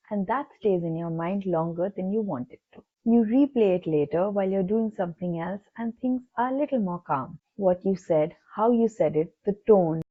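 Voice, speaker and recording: A woman's voice: mid-range voice, husky. Woman narrating through tinny phone-like sound. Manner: soft, empathetic, addressing the listener directly. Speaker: psychologist. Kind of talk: scripted reflective narration.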